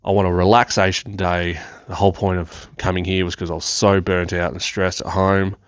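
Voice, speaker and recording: A young man hosting a podcast, telling a story in a loose, excitable way, swearing freely and laughing often. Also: deep voice, normal speed, no room sound, highs cut off. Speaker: podcast host. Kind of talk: casual storytelling.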